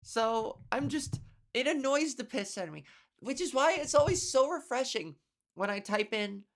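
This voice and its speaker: A woman comedian hosting her own podcast, ranting casually with sarcasm, profanity and quick laughs. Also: high voice, animated. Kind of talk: casual solo podcast rant.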